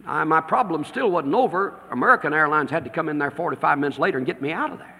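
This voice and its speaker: A man preaching a sermon, telling a story and then swinging between loud declarations and hushed, near-whispered lines. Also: a little high, fast, creaky, husky, in a large hall.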